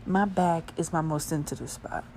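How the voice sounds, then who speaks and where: Profane, lively young woman telling a story. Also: sits low, moderate pace, a little hiss or hum. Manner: crude, profane and animated, with bursts of laughter. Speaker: vlogger. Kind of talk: casual storytelling.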